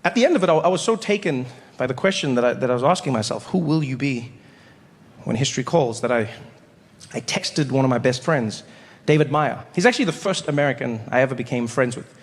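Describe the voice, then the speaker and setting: A man from South Africa performing stand-up comedy, telling stories in a playful, animated way on a large stage. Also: mid-range voice, fast. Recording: long hall reverb, faint noise.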